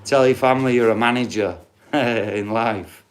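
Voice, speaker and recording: This livestreamer, a Yorkshire man in his late forties, has a medium-pitched voice with fairly even intonation and a slightly slow delivery. Casual and foul-mouthed, he talks straight to his viewers' chat in a Yorkshire accent.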